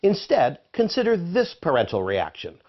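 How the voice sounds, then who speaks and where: A man's voice: fairly high pitch, wildly swooping pitch, normal speed. A man narrating an educational video in a playful quiz style. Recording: dull lo-fi audio with faint music.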